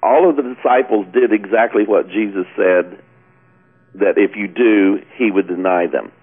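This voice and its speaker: A man's voice: fairly low pitch, moderate pace. A man co-hosting a talk radio show, argumentative and asking pointed questions. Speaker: radio co-host. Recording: tinny phone-like radio audio.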